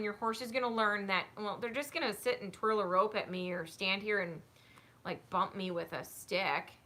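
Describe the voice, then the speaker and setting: A woman's voice: a little high, bright, forceful tone. A woman hosting a live-stream question-and-answer session about horses, chatting casually and gushing with thanks to her viewers. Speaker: horse trainer and channel host.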